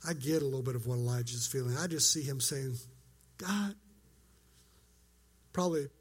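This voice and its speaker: A man's voice: mid-range voice, fairly even intonation, fast talker, breathy edge. A man preaching a sermon as pastor, earnest and conversational, acting out quoted lines.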